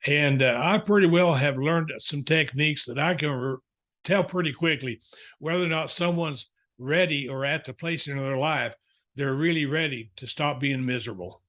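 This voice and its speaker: Guy counselor telling homespun stories on a podcast, voice sits a bit high. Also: moderate pace, a bit bright. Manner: folksy storyteller, chuckling asides. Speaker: counselor and author. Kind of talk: podcast interview.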